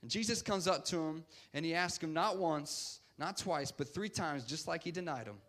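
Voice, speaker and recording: A man's voice: a little high, moderate pace, hardly any pauses, a bit bright. A man preaching a casual sermon, emphatic and conversational, often repeating "guess what".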